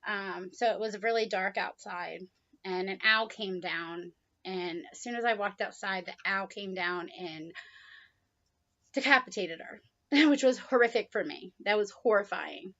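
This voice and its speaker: A woman's voice: a little slow, muffled recording. Chatty woman telling a pet story. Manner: chatty, with frequent "um"s and soft laughs; high baby-talk voice when coaxing the bird. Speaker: vlogger, pet bird owner. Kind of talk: casual storytelling to camera.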